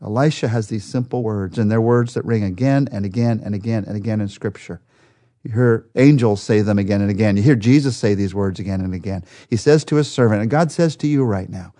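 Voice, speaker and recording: A man's voice: lowish voice, fairly quick, mellow. A man teaching a daily Bible study in an earnest way, rising to emphatic peaks to stress his points.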